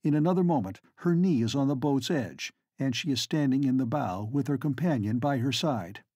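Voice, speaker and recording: A man narrating a novel as an audiobook in a measured, dramatic storytelling manner. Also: medium pitch, expressive, darkish tone, slightly rough, no echo, studio quality. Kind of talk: scripted narration.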